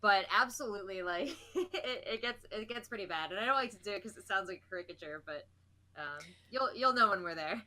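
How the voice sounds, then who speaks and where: Bright-voiced woman from New Jersey. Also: medium pitch, animated, brisk. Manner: chatty, laughs often, many fillers. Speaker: guest, esports host. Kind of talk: casual interview chat.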